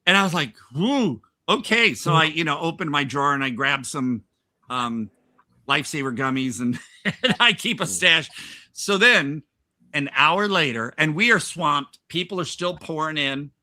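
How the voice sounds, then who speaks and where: A man's voice: on the high side, animated, normal speed, pushed and bright. A man hosting a podcast, telling a rambling workplace anecdote in casual chat with frequent laughs and restarts. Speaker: podcast host.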